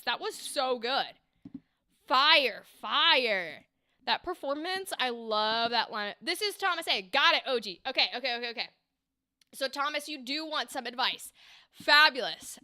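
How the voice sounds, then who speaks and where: Stream host: woman, chatty coach, bright, crisp voice, dry close sound. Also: on the high side, no room sound. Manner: chatty, enthusiastic, demonstrates lines. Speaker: livestream host and voice acting coach. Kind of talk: casual livestream chat and acting feedback.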